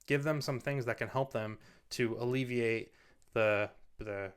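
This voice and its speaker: A man's voice: medium pitch, unhurried, clean tone. A man hosting a parenting talk, giving casual advice in an earnest, rambling way full of "you know"s, standing at a studio microphone. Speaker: parenting video host. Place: standing in front of a mic.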